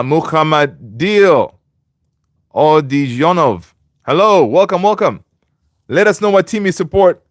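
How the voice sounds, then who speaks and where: A man's voice: mid-range voice, fairly bright tone, clear, resonant tone, no echo, studio quality. A man hosting a football fan livestream in a loose, chatty way, reading viewer comments aloud and greeting viewers by name. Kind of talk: casual livestream chat.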